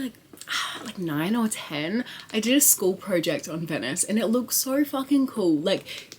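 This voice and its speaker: A young woman chatting to camera in a casual vlog, excitable and rambling, with lots of swearing and filler words. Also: medium pitch, breathy edge. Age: young adult. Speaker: vlogger.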